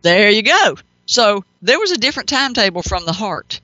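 A woman's voice: mid-range voice, big pitch swings, fairly quick, sharp tone, no room sound, dull audio. A middle-aged woman hosting a call-in advice show, talking emphatically and animatedly. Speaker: pet psychic radio host.

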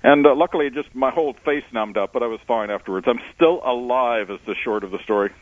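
A male explorer and author, a guest on a radio interview, telling adventure stories in a relaxed way with many "uh" fillers, heard over a phone line. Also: medium pitch, quick pace, no echo. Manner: relaxed storyteller with frequent uh fillers. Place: on location, not in studio. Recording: dry tinny phone line.

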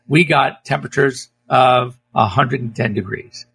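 A man's voice: mid-range voice, measured pace, creaky, fairly bright tone. A middle-aged man, a veterinarian, hosting a casual radio talk show, rambling and chatty with frequent self-corrections.

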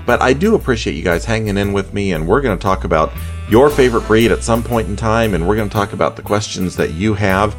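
Deep-voiced chatty radio host man. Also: fast, faint music behind. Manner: chatty, animated, chuckling asides. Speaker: pet radio show host. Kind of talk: casual podcast talk.

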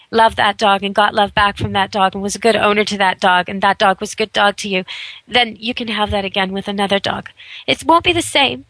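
A woman's voice: medium pitch, fairly bright tone, no echo, low-quality recording. A woman hosting a radio talk show, giving earnest, persuasive advice in long flowing runs.

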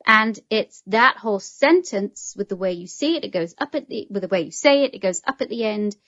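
A woman's voice: medium pitch, animated, fairly quick, a bit bright, no room sound, muffled recording. A woman in casual conversation, eagerly explaining and often checking in with "right?". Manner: chatty, explains eagerly with many "right?" tags. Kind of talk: casual chat.

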